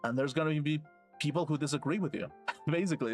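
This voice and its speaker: Streaming a game, a man rants and rambles at a fast clip in a fairly high voice, with faint music playing behind him. He swears freely and laughs to himself as he goes.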